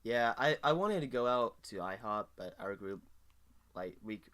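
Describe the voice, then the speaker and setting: A man's voice: on the low side, animated, normal speed, fairly bright tone. A teenage boy co-hosting a podcast, chatting and reacting in a casual, upbeat way. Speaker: podcast co-host. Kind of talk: casual chat.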